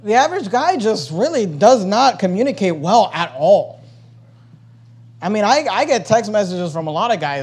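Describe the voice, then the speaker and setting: High-voiced man preaching with emphasis. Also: big pitch swings, normal speed, husky. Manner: emphatic preaching that swings between loud and hushed; repeats phrases to drive a point home. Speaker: pastor. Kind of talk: sermon.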